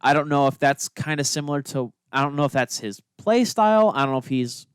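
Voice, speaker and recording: A man's voice: a little high, expressive, fairly quick, clear, resonant tone, dry recording, studio quality. A man co-hosting a casual hockey podcast, laid-back with teasing banter. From Minnesota. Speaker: podcast co-host. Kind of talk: casual sports chat.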